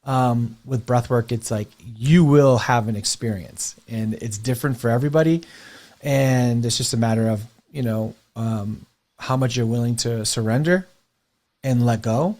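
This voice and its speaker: A man's voice: mid-range voice, moderate pace. A man who teaches breathwork speaks in a casual interview, telling stories with lots of "you know" fillers and laughing now and then. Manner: animated storyteller, leans on "you know" fillers.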